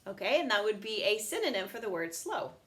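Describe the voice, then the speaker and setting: A woman teaching young children in an online lesson, slow and patient, sounding words out in a sing-song teacher voice. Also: mid-range voice, sing-song, a bit bright.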